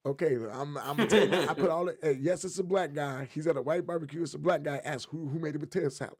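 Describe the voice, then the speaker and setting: A man's voice: on the high side, quick pace, few pauses, breathy edge. A man co-hosting a podcast, chatting casually and telling jokey stories with lots of energy. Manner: animated, joking storyteller. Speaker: podcast co-host. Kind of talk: casual chat.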